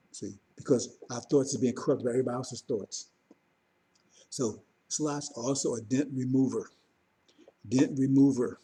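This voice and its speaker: A man's voice: mid-range voice, warm tone, slightly rough. A man preaching informally to his congregation, talking conversationally and repeatedly checking in with his listeners. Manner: conversational, repetitive, keeps checking in with "see?" and "you understand?". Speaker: religious teacher.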